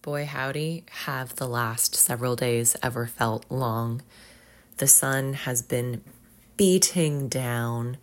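A woman, a podcast host who reads poetry aloud and then chats in a measured, soft-spoken way, sometimes dropping to near-whispered asides. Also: very deep voice. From Canada. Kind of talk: poetry reading and casual reflective chat.

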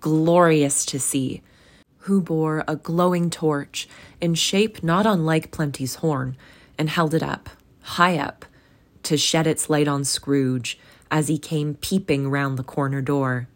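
A woman's voice: low-pitched, steady tone, takes it slowly. A young adult woman reading a classic story aloud, then chatting affectionately with her listeners. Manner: warm, affectionate, encouraging. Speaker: audiobook reader and podcast host. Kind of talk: storybook reading and casual sign-off.

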